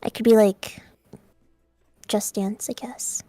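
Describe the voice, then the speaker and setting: A woman's voice: on the high side, fairly even intonation, slow pace, warm tone, no echo, faint music behind. A young woman from Alberta, Canada, streaming as a VTuber, chatting casually with a giggly, playful manner and often trailing off mid-thought. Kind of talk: casual chat.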